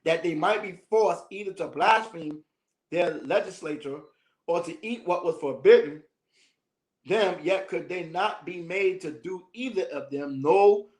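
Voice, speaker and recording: A high-pitched man leads a teaching session, reading a passage aloud and cutting in with loose, slangy jokes. He laughs often between the lines. The room around him rings with a noticeable echo. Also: unhurried. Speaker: minister teaching a class. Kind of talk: reading a text aloud and commenting casually.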